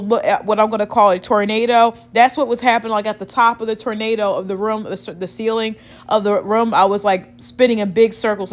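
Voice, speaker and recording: A woman hosting her own vlog, telling a story to her viewers in a rambling, casual way, full of "like" fillers. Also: mid-range voice. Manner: rambling, heavy use of "like" fillers. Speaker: vlog host.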